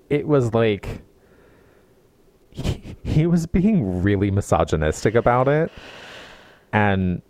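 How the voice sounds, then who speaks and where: A man retelling a story in a casual chat, with a lively pitch that swings a lot as he mocks what the characters say. His tone is sarcastic. The recording is dry and close, with little room sound. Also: no echo. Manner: animated, sarcastic retelling with mocking quoted voices. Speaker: podcast co-host. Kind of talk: casual book-recap chat.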